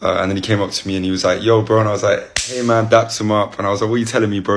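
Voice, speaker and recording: A man's voice: lowish voice, little pitch movement, very fast, few pauses. A young man with an English accent, telling stories casually to camera with a rambling, chatty manner full of fillers. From England. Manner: rambling, chatty, lots of "like" and restarts.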